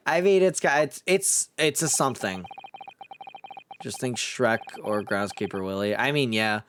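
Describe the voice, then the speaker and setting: A man's voice: mid-range voice, lively intonation, a little slow, long pauses, a bit bright, slight background noise. A man streaming a game, chatting casually, swearing and joking while reading the dialogue aloud. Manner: sweary, jokey, reads all characters aloud.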